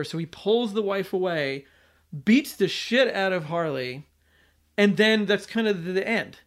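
A high-pitched man talks through a film plot in a relaxed, conversational way. He rambles, doubles back and fills gaps with fillers as he goes. The delivery is casual podcast chat. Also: a little slow. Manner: rambling, with many fillers and restarts. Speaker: podcast host.

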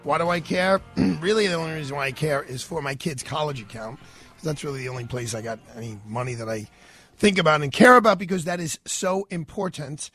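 Stuffed-up New York radio host. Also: male voice, a little high, brisk, a bit bright, soft background music. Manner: rambling, stammering, many fillers. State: stuffed up with a cold. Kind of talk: casual radio talk.

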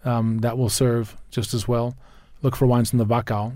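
A man's voice: mid-range voice, little pitch movement, normal speed, hardly any pauses, warm tone, no echo, clean studio sound. A man talking food and wine pairings in a casual chat, enthusiastic and rambling, often restarting his sentences and spelling out wine names. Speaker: wine expert guest.

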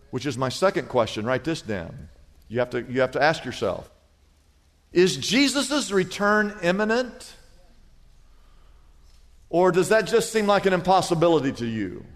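Male pastor, high-pitched, storytelling sermon style, reverberant church hall. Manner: storytelling, animated with humor.

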